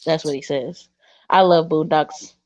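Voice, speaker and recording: A woman co-hosting a casual livestream chat, animated and laughing often, trailing off and restarting her sentences. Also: deep voice, unhurried, no room sound. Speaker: co-host. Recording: dull lo-fi sound.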